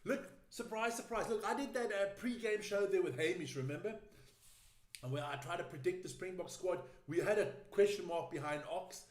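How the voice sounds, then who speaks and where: A man with a high voice, talking in brash, teasing chat and cursing as he pleases. He sounds like he is in a roomy space with a noticeable echo. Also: moderate pace. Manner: brash, teasing, swears freely. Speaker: podcast co-host. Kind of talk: casual chat.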